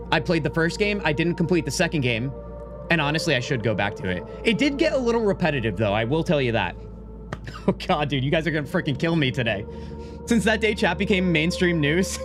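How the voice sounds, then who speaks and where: A man talking into a desk microphone on a live gaming stream, joking and protesting in mock outrage to his chat. His voice sits a little higher than most men's. Faint game music plays underneath. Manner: animated, mock-indignant, joking.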